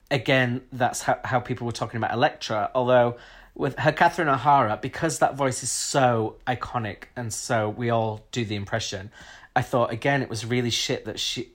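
A man from Britain co-hosting a podcast, giving frank, opinionated takes in casual chat. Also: medium pitch. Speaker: podcast co-host. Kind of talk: casual chat reviewing a TV episode.

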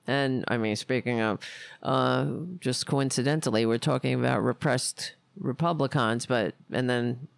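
A woman's voice: extremely low pitch, steady tone, unhurried, vocal fry, no echo. A woman hosting a casual political commentary stream, indignant and profane, rambling with frequent restarts. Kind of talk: casual political rant livestream.

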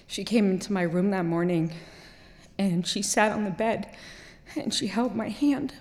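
A middle-aged woman from Kuwait tells a story from her youth on a stage. She has a medium-pitched voice and a wry, lively way of talking that can drop to a quiet, grave tone. Her voice carries the long reverb of a big hall. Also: measured pace. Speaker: speaker telling a personal story.

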